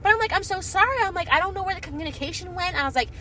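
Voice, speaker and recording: High, lively woman swearing through a story. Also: very fast, recorded from a distance, slight background noise. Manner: swears a lot, animated storytelling. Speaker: podcast co-host. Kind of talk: casual chat. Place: inside a parked car.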